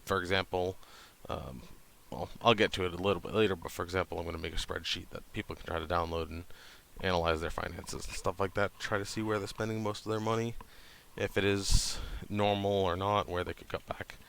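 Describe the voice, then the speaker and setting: A man in his thirties from New Hampshire, talking casually to camera in a flat, monotone way with lots of hesitant ums. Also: sits low, a little fast, gravelly. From New Hampshire, USA. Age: 30s. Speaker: channel host.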